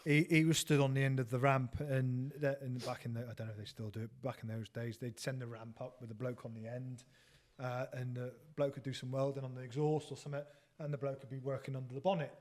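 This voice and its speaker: A man's voice: medium pitch, flat delivery, quick pace, few pauses. A man with an English accent telling rambling, laughing anecdotes in casual chat, swearing freely. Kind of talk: casual storytelling banter.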